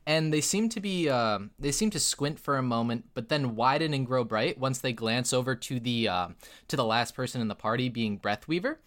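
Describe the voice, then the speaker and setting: Bright-voiced male game master. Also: mid-range voice, animated, normal speed. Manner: rambling, filler-heavy narration with frequent laughs. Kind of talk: narrating a tabletop game.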